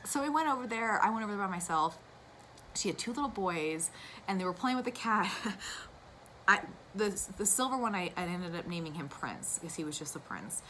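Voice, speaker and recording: A woman's voice: medium pitch, lively intonation, moderate pace, a bit bright, slight background noise, low-quality recording. A young woman chatting casually to camera about her cross-stitch, gushing and wandering into asides. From United States.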